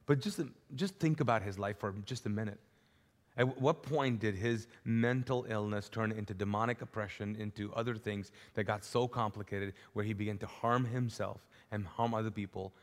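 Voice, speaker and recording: A male pastor preaching a sermon live in a large church, with animated, repetitive storytelling. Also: fairly low pitch, normal speed. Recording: live church hall with long reverb.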